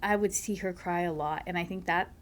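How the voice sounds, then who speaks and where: A woman, a mother, talking as a podcast guest, soft-spoken and halting, with many fillers and breathy, near-whispered stretches. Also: on the low side, fairly even intonation. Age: adult, a mother. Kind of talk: casual conversation, personal storytelling.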